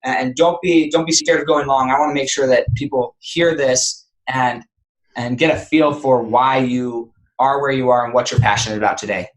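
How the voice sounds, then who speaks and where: A male podcast host with a middle-pitched, ordinary voice. He sounds upbeat and appreciative as he introduces his guest in a casual, chatty way. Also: fairly even intonation, normal speed, low-quality recording. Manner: upbeat and grateful.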